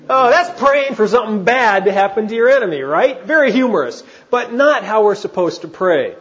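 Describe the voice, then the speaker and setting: A man preaching from the pulpit, with a voice that sits a bit high for a man. He talks in a conversational way and puts questions to his listeners. The recording is dull and lo-fi. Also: lively intonation, takes it slowly, pauses often, a bit bright. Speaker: pastor. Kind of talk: sermon.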